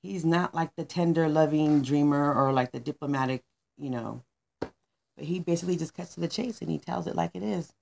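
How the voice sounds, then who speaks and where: A woman recounts a personal story in a loose, rambling monologue. Her voice sits low with a gravelly, creaky texture. She restarts often and leans on fillers. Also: normal speed, a little mellow, a little hiss or hum.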